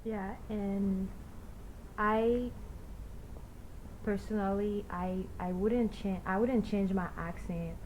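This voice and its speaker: A young woman with a Creole-tinged accent, speaking haltingly with many restarts in a casual discussion. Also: medium pitch, steady tone, a little mellow, slight background noise, poor audio. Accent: Haitian Creole-influenced.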